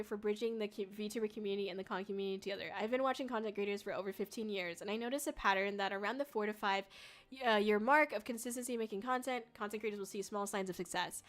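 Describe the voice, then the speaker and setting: A young woman streamer chatting casually with her viewers, bubbly and giggly, with lots of filler words. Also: mid-range voice. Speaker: VTuber streamer. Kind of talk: casual livestream chat with viewers.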